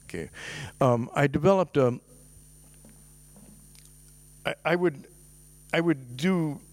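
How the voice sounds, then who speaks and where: An older man giving a talk about his past as a composer, halting with many ums and restarts, then animated in telling an anecdote. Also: dry recording. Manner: lively in storytelling, high for quoted voices.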